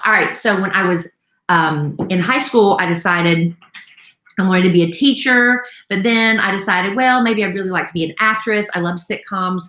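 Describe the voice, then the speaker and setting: In a home room with a roomy echo, a South Carolina woman in her 50s, a radio host, chats casually on a live stream, telling her story with lots of fillers. Her medium-pitched voice is bright and forceful at a normal speed.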